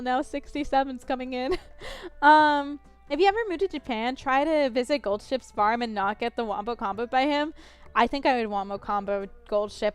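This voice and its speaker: A woman's voice: on the high side, clean tone. A woman in her twenties chatting casually while playing a game, rambling, counting aloud and poking fun at herself. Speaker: gaming streamer.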